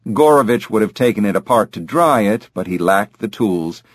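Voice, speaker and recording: A man reading scripted audiobook narration in a measured, even way. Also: on the low side, dry recording, clean studio sound.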